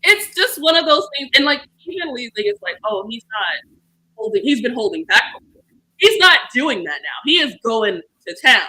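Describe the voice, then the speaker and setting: A woman's voice: on the high side, sing-song, moderate pace, bright, forceful tone. A young woman chatting casually, animatedly retelling a story with swearing and acted-out quotes. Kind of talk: casual chat.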